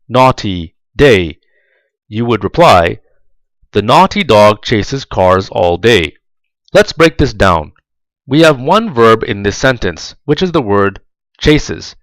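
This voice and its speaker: A man delivers a scripted, step-by-step instructional voice-over aimed at job applicants, his narration lively and full of pitch movement. He speaks slowly and deliberately, enunciating every word clearly. The recording is close, dry, with no room sound, and low in quality.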